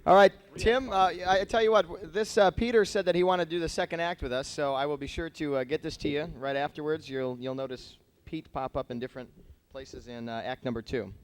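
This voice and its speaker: Guy emceeing a school talent show, kinda high voice, rambly jokey, handheld mic. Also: steady tone, brisk, smooth. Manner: rambling, playful, lots of fillers. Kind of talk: joking stage emcee patter. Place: high school auditorium stage. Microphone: handheld microphone.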